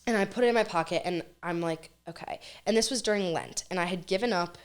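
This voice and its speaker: A young woman chatting casually on a podcast, telling a long story with lots of acted-out quotes. Her voice sits a little low, and she talks with bursts of quick, animated energy. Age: young adult. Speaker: guest.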